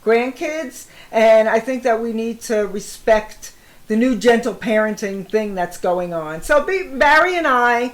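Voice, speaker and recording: A woman in her sixties, co-hosting a casual chat, talkative and quick to laugh. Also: animated. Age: 60s. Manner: chatty, laughs often, acts out parents' phrases in a high sing-song voice. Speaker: co-host.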